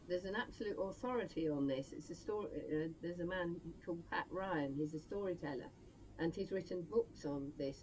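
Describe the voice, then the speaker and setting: A woman's voice: fairly low pitch, a little mellow, a little hiss or hum. A woman with an English accent, a folk singer leading a workshop, chatting hesitantly as she introduces songs. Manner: chatty, hesitant with many fillers. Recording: muffled lo-fi with instrument music.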